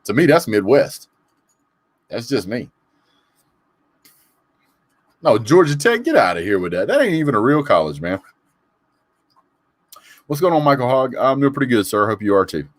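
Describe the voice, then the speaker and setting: A man hosts a casual live call-in sports show, reading comments and greeting viewers by name in an opinionated, chatty style. His medium-pitched voice is sing-song at a moderate pace with frequent pauses, and there's no echo.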